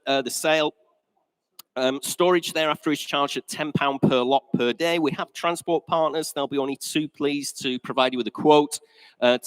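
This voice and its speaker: A man's voice: mid-range voice, dry recording, rough recording. A male auctioneer, chatty and jokey, slightly out of breath as he opens a live auction sale. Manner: chatty, jokey, addresses the room as ladies and gentlemen. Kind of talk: live auction opening announcements. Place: large indoor auction sale room.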